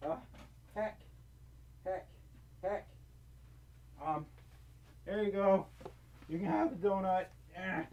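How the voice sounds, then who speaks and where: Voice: mid-range voice, very slow, long pauses, a little mellow, a little hiss or hum. A livestreamer chatting casually and reading out donations, often out of breath, giggling and stumbling over words.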